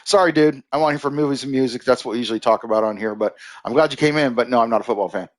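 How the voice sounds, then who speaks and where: A man's voice: mid-range voice, very fast. A man giving a casual, rambling movie review on a live stream, full of fillers and restarts, stopping to answer viewers in the chat.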